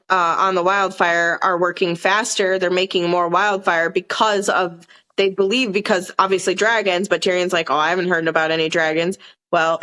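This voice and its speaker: A woman's voice: on the low side, bright, forceful tone. Chatty Southern woman recapping a show. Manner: rambling, retells scenes with quoted lines. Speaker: podcast co-host. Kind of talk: casual chat recapping a TV episode.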